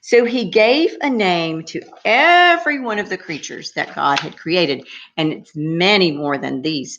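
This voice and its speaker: A woman telling a story to young children, her low voice swooping up and down in a lively sing-song. She takes it slow and gently stops to ask the little ones questions. The recording sounds dull and lo-fi.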